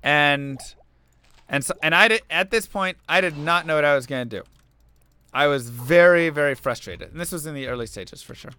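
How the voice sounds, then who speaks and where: A man's voice: fairly high pitch, moderate pace, bright, forceful tone, clean tone. A young man streaming a game, chatting casually and telling an earnest story while making asides about the play. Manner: earnest storytelling, musing aloud between game remarks. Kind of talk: casual chat while playing.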